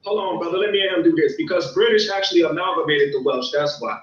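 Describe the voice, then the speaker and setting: A man's voice: a little high, fast. A man as a first-time guest in a heated debate, pleading and repeating himself, heard over distant, dull, echoey call audio. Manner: pleading, repeats himself, keeps saying "brother".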